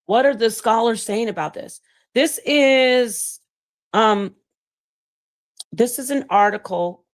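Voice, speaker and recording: A woman talks through scripture on her own channel, casual and emphatic. She reads passages aloud and speaks straight to her viewers, and her voice sits at a middle pitch. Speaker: channel host teaching on scripture. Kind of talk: casual livestream-style teaching and commentary.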